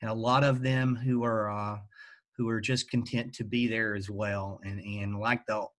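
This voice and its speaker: A man with a Southern Appalachian accent answering interview questions at a halting pace, with lots of fillers. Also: on the low side, flat delivery, fairly bright tone. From western North Carolina. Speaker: guest, teacher.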